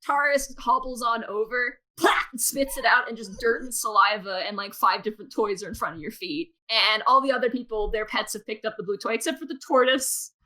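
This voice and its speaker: A young woman narrates as game master with a bright, ringing voice, pitched a little high. She talks fast and loose and breaks into giggles between descriptions. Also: fairly even intonation. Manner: giggly, quick to laugh while narrating.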